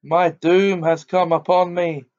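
Man putting on a cold calm witch queen, grave, pitched up a bit, dull lo-fi sound. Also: slow. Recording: dull lo-fi recording.

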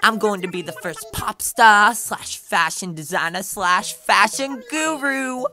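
A woman voicing a peppy, bubbly female hippo villager from a cartoon game, in a high, squealing, loud voice. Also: unhurried, soft background music.

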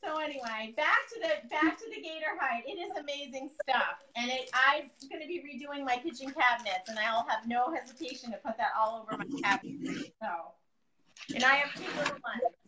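A woman's voice: sits high, fairly quick, background noise. A woman in her thirties, a guest painter chatting casually on a live demo, joking and telling stories. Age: 30s.

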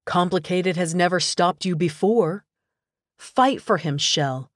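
A woman's voice: lowish voice, takes it slowly, dry recording, clean studio sound. A female narrator voicing a young man who is a loyal lifelong best friend, speaking steadily and frankly. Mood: coaxing.

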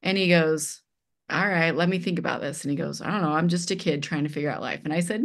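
Animated middle-aged woman telling a story. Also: sits low, fast. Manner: animated, acts out quoted dialogue, many fillers like "like". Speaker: guest. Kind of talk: casual conversational storytelling.

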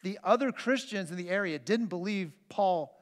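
Male pastor, high voice, earnest storytelling sermon, long church-hall reverb. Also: normal speed. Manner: earnest, storytelling, frequent restarts. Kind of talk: conversational sermon with personal stories. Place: church sanctuary.

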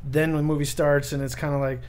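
A man's voice: a little high, level tone, a little mellow. A man on a casual movie podcast, talkative and explaining his views. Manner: quick, talkative, explaining opinions. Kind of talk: casual movie commentary chat.

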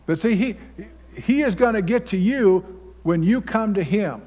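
Unhurried and with lively intonation, a man with a high voice preaches a sermon. He is a pastor whose folksy, blunt delivery gives way to sudden loud outbursts, and the large church hall lends a long reverb.

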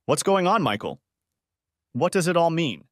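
A man voices a bewildered, worried young woman, pitching his voice above his natural range so it lands on the high side. He sounds very animated and anxious, pressing with questions at normal speed. The studio-quality recording has no room sound.

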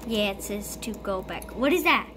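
A woman's voice: medium pitch, animated, moderate pace, a bit bright, a little hiss or hum. A woman giving live gameplay commentary, panicky, pleading and screaming often as she plays. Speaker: gamer.

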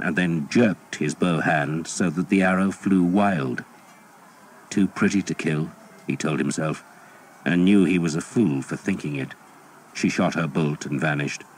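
A man reading a historical novel as an audiobook, in a steady, measured storytelling voice. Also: deep voice, a little hiss or hum. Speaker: audiobook narrator. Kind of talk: scripted audiobook narration.

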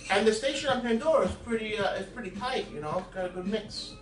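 A man's voice: high-pitched, quick pace, recorded from a distance. A man hosting a casual home cooking video, rambling and cracking crude jokes at the viewers. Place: home kitchen. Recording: echoey room, from the camera, faint music. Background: music playing in the home.

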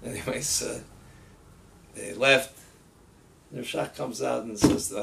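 A man's voice: medium pitch, unhurried, creaky, long pauses, a bit bright. A man, a rabbi, telling stories casually, laughing often and acting out the quotes. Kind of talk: casual storytelling. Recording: distant mic with faint ambient noise.

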